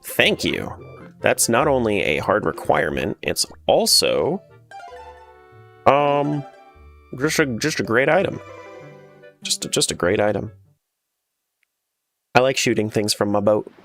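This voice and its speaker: A man's voice: lowish voice, moderate pace, long pauses, soft background music. A man streaming a randomizer game, chatting casually and joking with his chat as he plays. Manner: joking, animated, talks back to chat.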